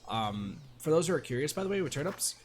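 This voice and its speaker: A man's voice: a little high, big pitch swings, fast. Chatty male game streamer over music. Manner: chatty, rambling, talks to chat. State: hiccups. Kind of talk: casual game livestream chat.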